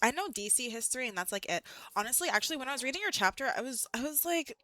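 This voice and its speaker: A woman's voice: high-pitched, expressive, fast, pushed and bright, no room sound, faint music behind. A woman streaming live, chatting casually with viewers in a rambling, giggly way, full of "like".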